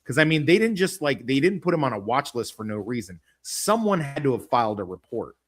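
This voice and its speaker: A man's voice: mid-range voice, fairly quick. A man hosting a podcast, chatting casually and telling stories in a joking way. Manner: joking, animated storytelling. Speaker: podcast host. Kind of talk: casual chat.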